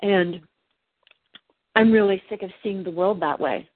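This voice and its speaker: A woman talking through personal feelings in a coaching session, halting and restarting often. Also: mid-range voice, no room sound. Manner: halting, hesitant, many restarts. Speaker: client. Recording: dry tinny phone-like line.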